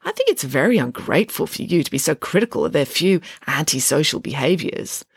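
A woman doing a self-satisfied girl who gloats in a prim, superior tone. Her pitch swings up in delighted flourishes. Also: big pitch swings, brisk, gravelly, husky, no room sound, clean studio sound, full character voice. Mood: gloating. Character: smug, gloating schoolgirl.

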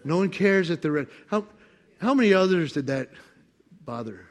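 Animated high-voiced male pastor preaching. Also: moderate pace. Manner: animated, acts out God's voice with laughter. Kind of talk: sermon.

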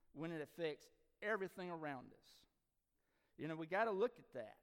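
A middle-aged preacher delivers an impassioned sermon in a church hall, his voice rising to loud peaks and sinking low again. His tone is on the higher side for a man, and every phrase rings on in the hall's long reverb. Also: expressive, fairly quick. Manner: impassioned, voice swells and drops, repeats phrases.

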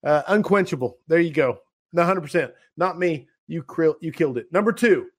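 A man's voice: on the high side, expressive, husky. A man hosting a podcast, running a playful quiz with his guest in casual chat. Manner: playful, quick quiz-show banter. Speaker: podcast host.

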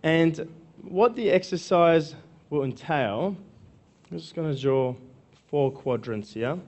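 A man's voice: a little high, lively intonation, slow pace, a little mellow. A male coach giving a live seminar talk to an audience, conversational, often checking in with the room and repeating phrases. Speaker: workshop speaker and coach.

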